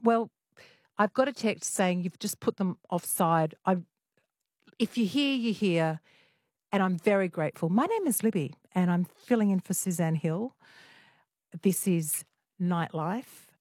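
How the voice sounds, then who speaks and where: A woman's voice: on the low side, measured pace, a little mellow, dry recording, clean studio sound. A woman hosting a late-night radio talk show, chatting with callers and a guest in a friendly way. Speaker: radio host.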